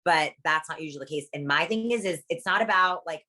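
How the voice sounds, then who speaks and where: Low-pitched, bright and forceful, the voice belongs to a young woman from Guatemala who works in a plastic surgery practice. As a guest in a casual interview, she's profane, blunt and emphatic, talking rapid-fire.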